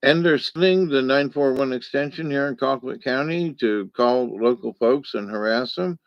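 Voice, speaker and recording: A man's voice: medium pitch, moderate pace, dry recording, highs cut off. A man talking in a casual, rambling monologue, folksy and digressive, with lots of fillers. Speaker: vlogger.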